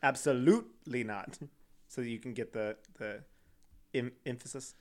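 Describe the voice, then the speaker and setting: A man's voice: mid-range voice, a little mellow. A man co-hosting a podcast in a casual, chatty way, laughing often. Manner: giggly, quick to laugh, chatty. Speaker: podcast co-host. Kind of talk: casual chat.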